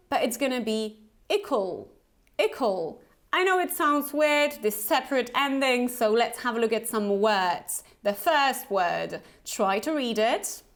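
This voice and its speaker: A woman with a light Polish accent teaching English pronunciation, slowly modelling each word twice for the learner to repeat. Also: fairly high pitch. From Poland. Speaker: Business English pronunciation trainer. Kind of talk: pronunciation lesson with repeat-after-me drills.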